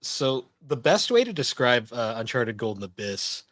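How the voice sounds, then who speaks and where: A man's voice: mid-range voice, sing-song, normal speed, fairly bright tone, no room sound. A man hosting a casual gaming podcast, talking steadily and reviewing games point by point. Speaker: podcast host.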